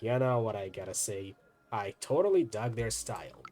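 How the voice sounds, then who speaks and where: A man streaming and reading a story game aloud, with casual asides, in a lively, expressive way. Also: fairly low pitch, normal speed, soft background music.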